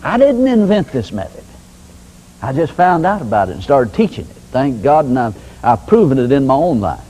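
Husky-voiced older preacher, lively pitch. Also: male voice, normal speed, poor audio. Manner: folksy, conversational preaching with homespun examples. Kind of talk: sermon teaching.

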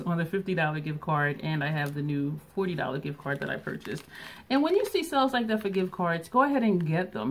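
Chatty woman vlogger, lowish voice. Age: middle-aged. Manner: chatty, laughs often, thinks aloud. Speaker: beauty vlogger. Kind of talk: casual haul vlog.

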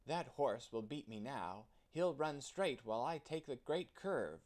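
A man voicing an eager, excitable young boy locomotive in a storybook read-aloud. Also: medium pitch, a little slow, voice pushed up, lightly acted. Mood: anxious. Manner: excitable and impatient.

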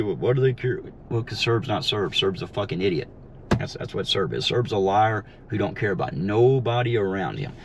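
A man ranting heatedly and mockingly while driving around, swearing constantly, recorded inside his car. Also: lowish voice. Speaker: vlogger. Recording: faint road noise in a car. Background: faint vehicle noise.

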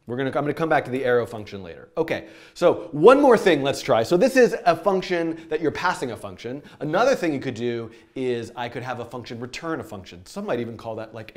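Guy live-coding a tutorial, rambly and excitable, laughing at his own slips. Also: medium pitch. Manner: animated, rambling, laughs at himself, thinks aloud. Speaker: programming teacher.

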